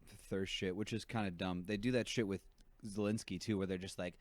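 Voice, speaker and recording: A fairly low-voiced man in a casual podcast chat, joking and sarcastic, laughing often between remarks. The sound is close and dry, recorded in a room at home. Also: steady tone, fairly quick, dry recording. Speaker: podcast co-host.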